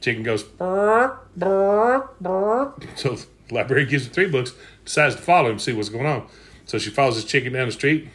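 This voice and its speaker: A man's voice: medium pitch, fast, fairly bright tone. A man telling old jokes in casual chat, folksy and chuckling as he goes.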